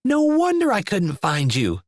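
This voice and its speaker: A man voicing an excitable, whiny young boy in an audiobook. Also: high voice, measured pace, no room sound, clean studio sound, voice pushed up, exaggerated voice. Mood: excited. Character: boisterous young boy Vinton.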